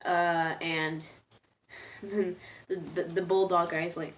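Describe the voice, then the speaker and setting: A woman's voice: fairly low pitch, little pitch movement, takes it slowly, slight background noise. Rambling woman reviewing episodes. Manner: rambling, hesitant, many fillers; easily moved, laughing at herself. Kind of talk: casual spoken review.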